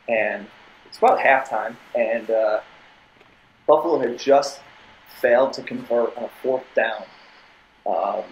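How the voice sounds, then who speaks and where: A man's voice: medium pitch, slight background noise, poor audio. A young man, a podcast guest, telling a long casual story with many tangents and restarts. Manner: rambling, tangents, repeated restarts.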